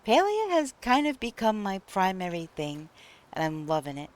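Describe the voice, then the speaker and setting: A woman's voice: medium pitch, sing-song, normal speed. A woman from Long Island with a New York accent, chatting casually with viewers on a live stream and laughing often.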